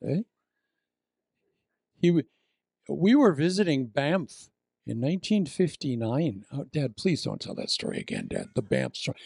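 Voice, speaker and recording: Animated gravelly older male preacher. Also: fairly high pitch, no echo, clean studio sound. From Iowa. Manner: animated storytelling with acted-out voices. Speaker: pastor. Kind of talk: sermon.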